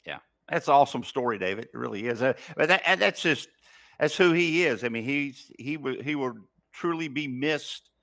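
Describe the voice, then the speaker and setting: A man's voice: mid-range voice, animated, normal speed, fairly bright tone. A man co-hosting a podcast, answering with brief, agreeing remarks in casual talk. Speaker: podcast co-host.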